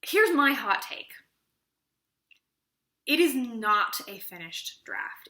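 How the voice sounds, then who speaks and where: A young woman giving an opinionated casual book review, animated and chatty, acting out little conversations as she goes. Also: on the high side, slow, pauses often, reverberant. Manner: animated, chatty, acts out quoted exchanges.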